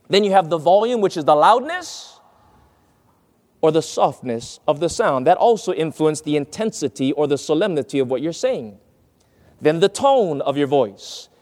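A man preaching a lesson on vocal delivery, emphatic, often asking his listeners questions and calling them friends. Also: high-pitched. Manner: emphatic, swings between fast excited and slow soft solemn delivery; asks the audience questions, addresses them as friends. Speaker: preacher teaching on speaking.

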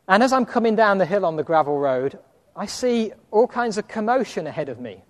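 An English preacher with a high voice tells homely stories from the pulpit, acting out both sides of conversations and chuckling as he goes. His voice rings out through a large hall with a long reverb tail. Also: big pitch swings, a little fast. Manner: storytelling, chuckles often, acts out dialogue. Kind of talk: sermon with personal stories.

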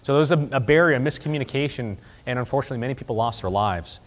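A man giving a casual, somewhat halting presentation to a group. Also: mid-range voice. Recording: reverberant hall.

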